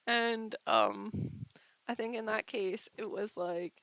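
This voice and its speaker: A woman's voice: medium pitch, steady tone, slow pace, creaky, fairly bright tone, no room sound. A woman telling a story casually at home, chatty and full of filler words, her lungs tired from being sick. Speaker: vlogger.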